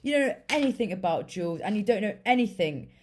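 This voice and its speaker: An outraged older jeweler bellows, high and strained with indignation, as a woman puts him on. He is quick to take offense and shouts every line. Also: expressive, a little hiss or hum, natural voice. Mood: enraged. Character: furious older male jeweler, easily offended.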